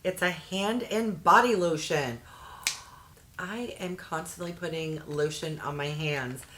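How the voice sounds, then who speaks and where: A woman's voice: sits low, slow, fairly bright tone, slight background noise. A middle-aged woman chatting casually as she unboxes beauty products, easily delighted and making jokey asides. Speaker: unboxing vlogger.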